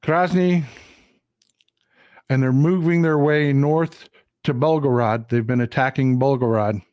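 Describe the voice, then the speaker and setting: With a mid-range voice and a darkish tone, a Texan host runs a live-streamed political commentary show, talking over a map. He is emphatic, repeating lines for emphasis, and the studio-quality audio has no echo.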